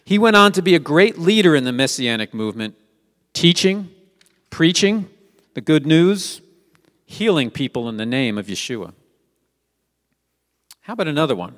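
A man's voice: on the high side, sing-song, moderate pace, long pauses, long reverb tail. A man preaching a sermon, reading scripture aloud and asking his listeners rhetorical questions in a conversational way. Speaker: Messianic teacher.

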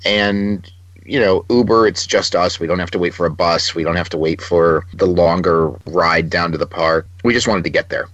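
Low-voiced male podcast co-host, deliberate and filler-heavy; muffled, dry lo-fi sound. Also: steady tone, a bit bright, no room sound. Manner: measured, hesitant, lots of uh and you know. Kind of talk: casual podcast chat.

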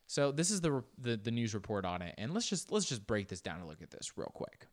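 A man reacting to a news clip in casual commentary, joking and jumping into exaggerated voices. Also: quick pace. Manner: animated, joking, jumps into exaggerated high-pitched voices. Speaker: reaction video host.

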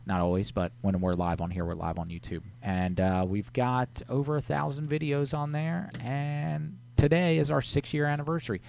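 A man's voice: medium pitch, fairly even intonation, normal speed, gravelly, few pauses, darkish tone. A man hosting a casual live stream, reading viewer messages aloud in a laid-back way. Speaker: host.

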